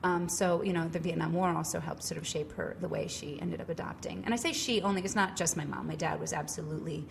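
With a low, gravelly voice, a middle-aged musical theater actress from Cambridge, Massachusetts speaks fast and with few pauses. As a guest in a casual interview, she chats animatedly in a Boston accent, with many fillers and restarts, and slight background noise behind her.

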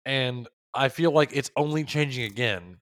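Casual podcast co-host, male, animated, jokey, dry close mic. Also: medium pitch, normal speed, dry recording. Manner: animated, jokey, acts out quotes. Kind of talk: casual chat.

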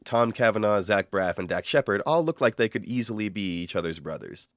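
A man's voice: fairly low pitch, animated, fairly quick, no room sound, clean studio sound. A man co-hosting a casual podcast chat, a bit nasal from allergies, rambling and laughing as he talks. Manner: rambling, laughs often, self-interrupting. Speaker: podcast co-host.

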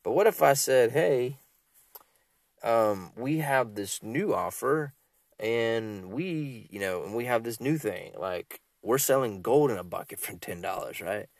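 A man's voice: medium pitch, unhurried, no echo, clean studio sound. A man from Georgia, giving a casual, rambling motivational talk as a business coach. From Georgia, USA. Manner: animated, rambling, repeats himself.

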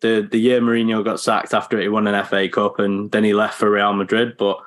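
A man guesting on a casual podcast who explains his pick in a measured and thoughtful way. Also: lowish voice, little pitch movement, fairly bright tone.

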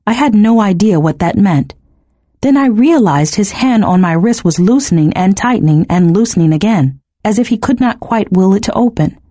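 A woman narrating a first-person novel in an expressive, emotionally engaged reading. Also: medium pitch, moderate pace, dry recording. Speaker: audiobook narrator.

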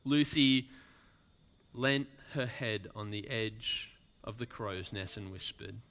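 A pastor giving a sermon and reading a story aloud, slow and deliberate, dropping his voice soft for emphasis. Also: lowish voice.

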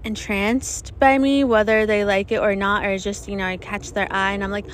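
In a medium-pitched, level voice at normal speed with few pauses, a young woman delivers a casual solo podcast monologue, a little hiss or hum audible. She's outdoors in the desert while airplanes pass above. She keeps it chatty and profane, self-mocking and often laughing.

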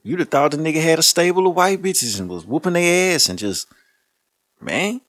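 A man's voice: fairly high pitch, animated, normal speed, a bit bright, no echo. A man hosting a podcast, talking loosely and profanely in a casual, laughing way. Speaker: podcast host. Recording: music playing underneath.

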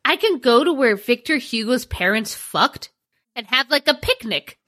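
A woman's voice: a little high, lively intonation, moderate pace, bright, forceful tone. A woman co-hosting a podcast, chatting casually in a bawdy, playful way and breaking into song now and then. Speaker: podcast co-host. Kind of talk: casual chat.

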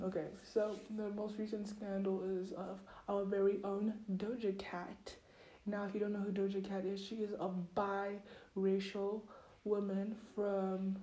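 A teenage girl rambles through a gossipy podcast chat, dropping "like" every few words. Her voice is soft and dark-toned. The room adds a noticeable echo. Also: mid-range voice, a little hiss or hum. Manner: chatty, rambling, many filler likes. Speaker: podcast host. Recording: roomy echo.

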